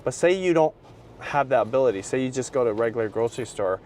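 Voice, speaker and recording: A man's voice: medium pitch, expressive, fast, darkish tone, slight background noise. A middle-aged man, a vlogger, chatting casually and in a slangy, laid-back way to the camera. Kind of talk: casual vlog talk to camera.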